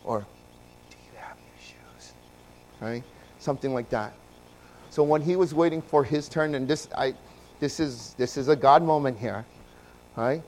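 A man preaching a sermon, moving from quiet, low passages to loud, emphatic ones and asking his listeners questions. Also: moderate pace, pauses often, slight background noise. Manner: swings from soft and low to loud and emphatic, asks the congregation questions. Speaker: pastor.

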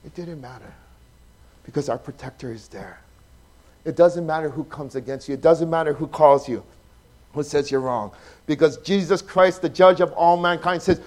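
A pastor, preaching a sermon that swings from loud, emphatic passages to soft, hushed ones. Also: male voice, a little high, moderate pace. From Hawaii.

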